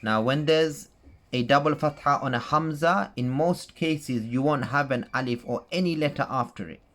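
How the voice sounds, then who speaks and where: A man's voice: on the high side, moderate pace, fairly bright tone. A man teaching Quran recitation rules in a casual tutorial, patient, repeating points and checking in with "okay?" and "right?".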